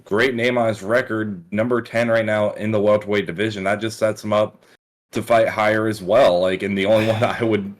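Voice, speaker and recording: A man co-hosting a podcast in casual chat, laid-back and quick to agree. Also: fairly low pitch, little pitch movement. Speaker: podcast co-host.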